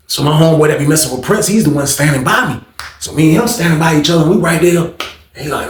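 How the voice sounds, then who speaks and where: Animated man telling a street story. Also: on the high side, racing, reverberant. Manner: conversational, animated, slangy. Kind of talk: casual storytelling.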